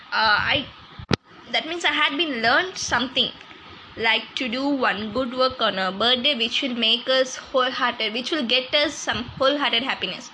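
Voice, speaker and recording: A woman's voice: fairly high pitch, pushed and bright, slight background noise, low-quality recording. A woman hosting a casual podcast, rambling with many restarts as she signs off. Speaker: podcast host.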